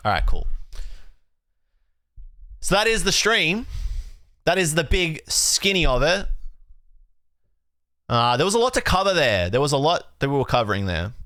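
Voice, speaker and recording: A young Australian man chatting casually on a live stream, relaxed and talky, redoing his outro lines. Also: on the high side, moderate pace, long pauses, no room sound, clean studio sound. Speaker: streamer and card collecting host.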